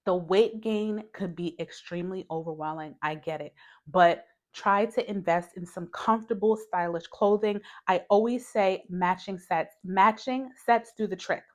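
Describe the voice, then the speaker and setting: A young woman with a medium-pitched voice speaks at a moderate pace from her home, with a TV in front of her. As a new mother, she talks candidly to the camera, giving casual, conversational advice and calling the viewer "girl."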